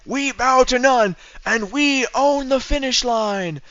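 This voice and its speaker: A man puts on a tired, senile old politician. The voice sits far higher than his natural one, with a thin, aged timbre. It drags along in halting, stumbling phrases, captured as slightly dull stream audio. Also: fairly bright tone, exaggerated voice. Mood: proclaiming. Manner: halting, stumbling, drawn-out delivery.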